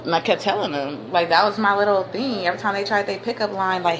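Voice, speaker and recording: A woman signs off her livestream in relaxed slang, laughing easily and slipping into preachy bursts. Steady background noise runs under her voice the whole time. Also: fairly low pitch, a little fast. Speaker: livestream host. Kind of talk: casual livestream sign-off. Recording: noisy ambience behind.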